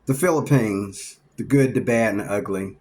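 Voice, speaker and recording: A man vlogging in a casual storytelling monologue, lively and acting out the people he talks about. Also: lowish voice, moderate pace. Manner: animated, acts out the people he describes.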